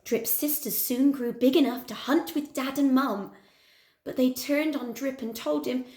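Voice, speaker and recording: A woman teacher reading a picture book aloud to her pupils in an animated, expressive way. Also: sits high, unhurried. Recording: echoey room.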